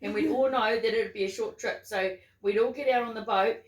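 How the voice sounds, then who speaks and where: A woman's voice: a little high, brisk, recorded from a distance. A woman with a New Zealand accent chatting casually with family, teasing and jumping in with her own side of the stories. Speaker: adult daughter. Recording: echoey room, a bit off-mic.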